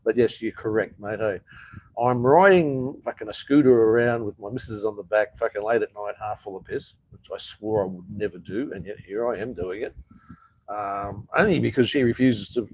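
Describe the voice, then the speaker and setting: Middle-aged Aussie bloke, live-chat host, blunt and sweary, relaxed mellow tone. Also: male voice, fairly low pitch, normal speed, slight background noise, poor audio. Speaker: livestream host. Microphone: phone or webcam livestream.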